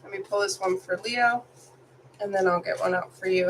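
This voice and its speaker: A woman's voice: mid-range voice, steady tone, unhurried, a little hiss or hum, rough recording. A woman who is sick, doing a live tarot reading for viewers, chatty and apologetic, reading card meanings aloud. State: sick, congested. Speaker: tarot reader.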